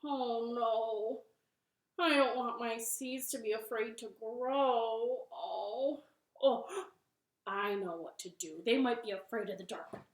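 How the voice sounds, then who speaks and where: A woman's voice: fairly high pitch, slow. A woman voicing a fretful, impatient male toad gardener who frets and cries out in a fussy, whiny way. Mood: worried. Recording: echoey living room.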